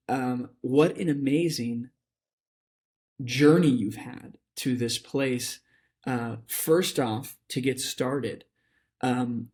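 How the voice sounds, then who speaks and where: A man hosting a podcast interview, upbeat and affirming, with many hesitant restarts. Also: medium pitch. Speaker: podcast host.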